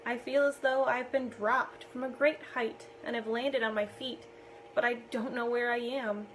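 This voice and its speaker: A woman with a slightly high voice reads a novel aloud, steady and expressive. Her delivery follows the story closely, with clear narration. A faint ambient hush sits under the recording. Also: normal speed, slight background noise, rough recording. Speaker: reader.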